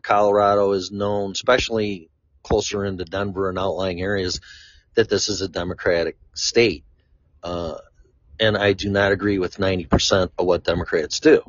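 A man from Chicago with a fairly low voice rambles through a casual monologue, blunt and quick to swear. The recording is dull and lo-fi, and the sound is dry with no room echo. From Chicago, USA. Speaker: vlogger.

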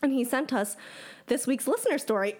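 A woman's voice: high-pitched, sing-song, a little fast, darkish tone. Chatty woman co-hosting a podcast. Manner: chatty, laughs often, says "like" and "um". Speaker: podcast co-host. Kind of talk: casual podcast chat and reading a listener story.

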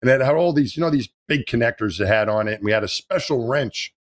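A man telling a story in casual chat, animated and laughing as he talks. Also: medium pitch, quick pace. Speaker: astronaut guest telling stories.

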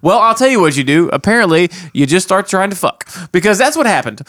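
A man's voice: high voice, sing-song, quick pace, a bit bright, no echo, studio quality. A man co-hosting a podcast, casually recapping a film in a rambling way with crude jokes and frequent laughter. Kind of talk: casual chat.

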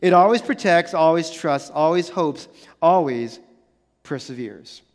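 Guy in his 30s preaching, high-ish voice, lots of "right?" questions, echoey church hall. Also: a little slow. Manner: animated, conversational preaching with rhetorical questions. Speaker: pastor. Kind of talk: sermon. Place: church sanctuary. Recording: church hall with long reverb.

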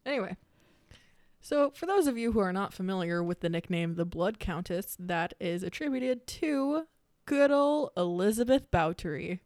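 A woman's voice: medium pitch, lively intonation, normal speed, darkish tone, no echo. Young woman, podcast co-host, chatty and loose, dry close-miked sound. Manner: chatty, laughing, rambling storyteller. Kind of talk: casual chat.

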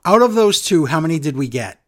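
A podcast co-host recapping a wrestling show in casual chat, sarcastic and animated as they tell the story. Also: medium pitch, brisk.

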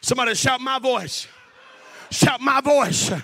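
A man preaching a sermon, shouting in a sing-song cadence with "uh" breaths between phrases. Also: very high voice, unhurried.

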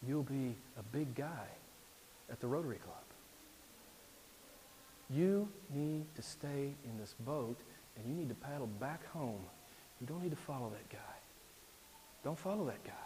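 A man's voice: medium pitch, lively intonation, unhurried, long pauses, mellow, a little hiss or hum, lightly acted. A man voicing the devil as a sly male tempter, coaxing with repeated urging in a sermon. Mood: hushed coaxing. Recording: long reverb in a large hall.

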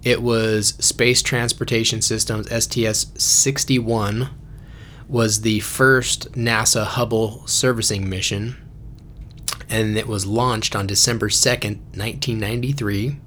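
A man's voice: fairly low pitch, steady tone, a little slow, fairly bright tone, slight background noise. Laid-back man hosting a podcast. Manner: joking, laughs often, reads facts from notes. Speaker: podcast host. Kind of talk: casual chat.

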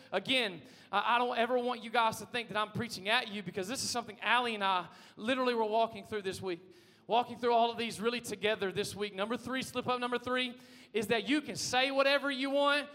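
A man with a very high, sharp, forceful voice preaches to his congregation in a big church. He keeps it conversational, throws questions at the room and often rises to a shout. The sound rings with a long hall reverb. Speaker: pastor. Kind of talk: energetic sermon. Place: church sanctuary.

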